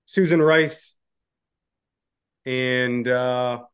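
A man co-hosting a podcast, reading news items aloud and chatting, with frequent "uh" pauses. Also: medium pitch, steady tone, clean tone. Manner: drawling, many "uh" pauses. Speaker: podcast co-host. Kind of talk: casual political chat, reading news aloud.

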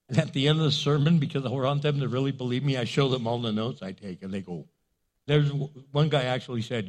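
A man pastor preaching a sermon in an animated, jokey way. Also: mid-range voice, fast.

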